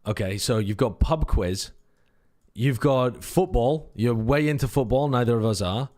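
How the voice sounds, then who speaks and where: A man with an English accent co-hosting a watch party, joking and swearing in quick casual banter. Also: medium pitch, a little mellow. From Britain. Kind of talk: casual chat.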